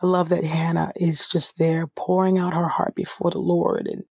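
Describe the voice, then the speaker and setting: Husky-voiced woman reading scripture and praying. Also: lowish voice, flat delivery, moderate pace, darkish tone, no room sound, studio quality. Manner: fervent prayer with repeated "oh God" and restarts. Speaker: Bible reader and prayer leader. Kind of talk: scripture reading and spontaneous prayer.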